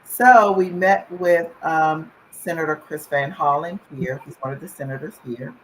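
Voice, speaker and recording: A woman's voice: low-pitched, unhurried, a little hiss or hum, low-quality recording. Earnest woman telling a personal story. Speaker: guest, mother. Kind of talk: storytelling in an interview.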